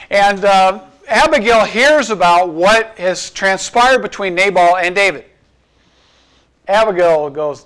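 High-voiced man preaching conversationally. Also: fairly bright tone. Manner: conversational, explains scripture with rhetorical questions. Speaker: pastor. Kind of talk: sermon.

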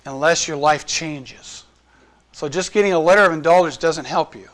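A man with a notably high-pitched voice teaches church history to a class. He talks in a loose, conversational way, breaking old quotes down into everyday words and asking his listeners questions. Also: normal speed, a bit bright. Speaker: Bible teacher.

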